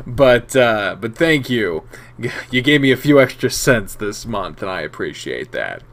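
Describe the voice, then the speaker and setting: A man's voice: mid-range voice, big pitch swings, a little slow, fairly bright tone. A man hosting a casual viewer Q&A, reading comments aloud in a rambling, self-mocking way and swearing freely. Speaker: channel host answering viewer questions.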